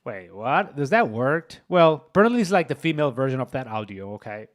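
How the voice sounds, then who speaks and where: A man hosting a live coding stream, excitable and exclaiming as he talks to his chat. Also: mid-range voice, a little fast. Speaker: streamer, host.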